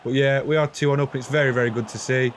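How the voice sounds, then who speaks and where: A man's voice: mid-range voice, steady tone, fast, a little hiss or hum. A young man, chatting casually and self-deprecatingly through his football game footage. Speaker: gaming YouTuber. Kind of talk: casual gameplay commentary.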